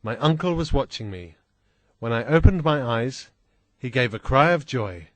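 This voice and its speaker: A man reading a first-person adventure story aloud in a slow, deliberate, plain manner. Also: mid-range voice, lively intonation, no room sound. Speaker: audiobook reader.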